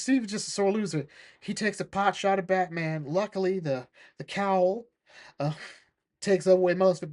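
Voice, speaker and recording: A man giving a casual recap of a comic book, animated and quick to laugh, acting out the characters' lines as he goes. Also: high-pitched.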